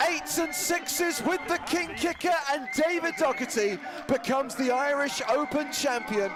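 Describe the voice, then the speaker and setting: High-voiced male play-by-play caller. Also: a little slow, over music. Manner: rising to loud calls at big moments. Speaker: play-by-play commentator. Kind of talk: excited sports commentary. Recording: crowd noise behind.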